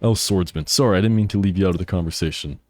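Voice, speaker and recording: A man's voice: sits low, very fast, a little mellow, faint music behind, lightly acted. A man voicing an eccentric older male researcher who reads his game lines in a theatrical, dramatic way.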